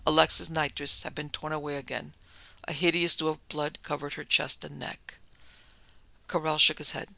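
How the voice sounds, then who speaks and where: Man reading a horror audiobook, measured and dramatic, kinda high and crackly, faint music under it. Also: little pitch movement, gravelly, bright, forceful tone, dry recording. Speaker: narrator.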